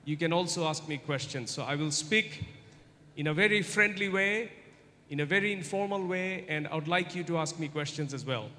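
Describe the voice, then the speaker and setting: In a large university hall with long reverb, a man with a fairly high, bright, forceful voice gives an informal guest lecture to students. He speaks slowly and deliberately, repeating himself and asking the audience questions again and again to draw out answers.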